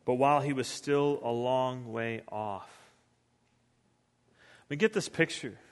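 A man's voice: medium pitch, takes it slowly, clear, resonant tone, long reverb tail. A male pastor giving a conversational sermon, acting out the voices of the people he quotes.

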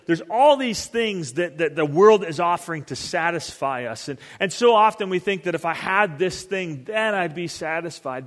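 A man's voice: high-pitched, a bit bright. A man giving a casual, conversational sermon as a pastor, rambling and acting out little scenes. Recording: long hall reverb.

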